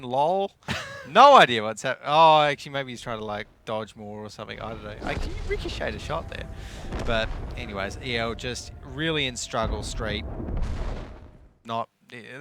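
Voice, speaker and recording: A man co-casting a live esports match, excitable and casual, often stumbling over his words. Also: medium pitch, moderate pace, noisy background. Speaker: esports co-caster.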